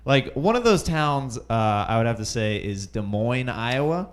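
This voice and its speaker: A man's voice: mid-range voice, lively intonation, unhurried, few pauses. A young man doing nervous, rambling stand-up at an open mic in a comedy club, full of fillers and chuckles at his own jokes. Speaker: stand-up comic.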